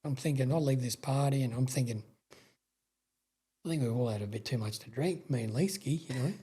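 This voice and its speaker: A middle-aged man with an Australian accent spins long, rambling stories in casual talk. His voice is husky and darkly mellow, and he swears freely and stumbles back over his own sentences. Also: medium pitch, a little fast. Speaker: guest, sprintcar racing veteran. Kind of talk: casual storytelling interview.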